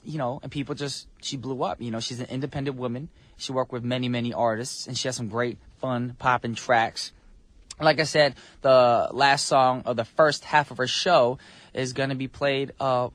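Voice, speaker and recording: A man's voice: medium pitch, fairly bright tone, no echo. A man with a New Jersey accent hosting a radio show in a studio, talking in a playful, slangy way. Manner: playful, slangy, laughs easily. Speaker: radio DJ host. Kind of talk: casual radio chat. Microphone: studio mic.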